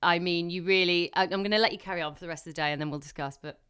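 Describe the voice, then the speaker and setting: A woman's voice: on the low side, very fast, crowd noise. A woman co-hosting a podcast, chiming in with teasing remarks in casual chat. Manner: teasing, interjecting reactions. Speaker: podcast co-host.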